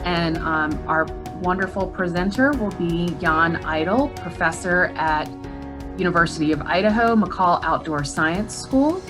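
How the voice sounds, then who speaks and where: Woman host on a video call, low-pitched, cheerful intro over background music. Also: unhurried. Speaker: host, development director. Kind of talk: event introduction. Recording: music playing behind.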